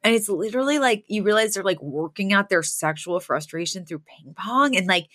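A woman's voice: mid-range voice, animated, brisk, fairly bright tone, no room sound. A woman co-hosting a podcast, casually retelling a sitcom episode and acting out the characters' lines. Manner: chatty storytelling, acts out quoted lines. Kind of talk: casual chat.

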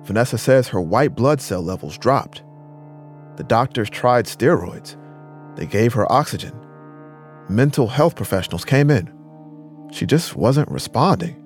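A man narrating a documentary story in a measured, scripted way. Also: mid-range voice, expressive, soft background music.

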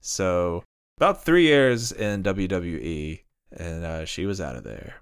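A male podcast host who recounts events in a relaxed, chatty way with many fillers. His voice is fairly low. It sounds smooth and clear. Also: unhurried. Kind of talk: casual narration of a story.

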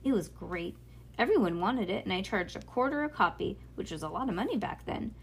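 A woman voicing a relaxed middle-aged dad who reminisces about his childhood, in a storybook read-aloud. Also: mid-range voice, gravelly, a little hiss or hum. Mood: nostalgic. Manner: breezy, nostalgic, brisk when reminiscing.

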